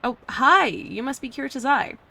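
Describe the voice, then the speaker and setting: A woman's voice: mid-range voice, brisk, fairly bright tone, natural voice. A woman voicing a friendly young antique shop clerk who talks in a chatty, slangy, casual way.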